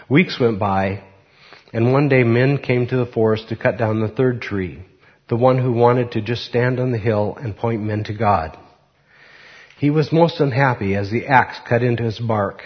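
A man preaching and then reading a children's story aloud, unhurried and reflective, with fillers. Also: mid-range voice, in a large hall. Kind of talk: sermon with a read-aloud story. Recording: muffled recording.

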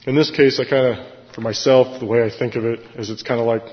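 A man's voice: mid-range voice, fairly even intonation, a little fast, few pauses. Man teaching scripture in an echoey hall. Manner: casual, explanatory, frequent fillers and self-corrections. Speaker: Bible teacher. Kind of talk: conversational Bible study sermon. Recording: echoey hall, dull lo-fi sound.

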